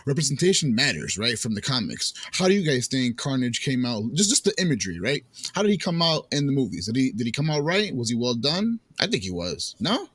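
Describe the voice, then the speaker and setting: A man with a lively, swinging pitch riffs on a film, loose and profane, with lots of 'like' and restarts. The sound is dry and close. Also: a little fast, hardly any pauses, husky, no echo. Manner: animated, swears, many fillers. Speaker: movie reviewer. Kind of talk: casual chat.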